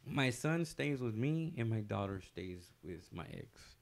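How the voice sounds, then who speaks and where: A man's voice: fairly low pitch, sing-song, unhurried, creaky. A man telling a long personal story on a casual podcast, rambling loosely with many fillers and restarts.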